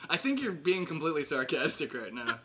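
A man's voice: fairly high pitch, big pitch swings, a little fast, noisy background. A man in his thirties casually catching up with old friends, rambling with fillers and laughing often. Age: 30s. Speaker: host.

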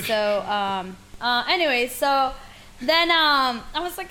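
Bright high-voiced woman telling a story. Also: a little slow, a little hiss or hum. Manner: animated storyteller, acts out quoted voices, laughs often. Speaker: podcast co-host. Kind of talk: casual storytelling chat.

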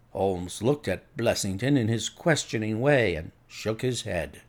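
A man's voice: lowish voice, animated. Man reading a classic story aloud. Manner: measured storytelling. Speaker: narrator. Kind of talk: scripted audiobook narration.

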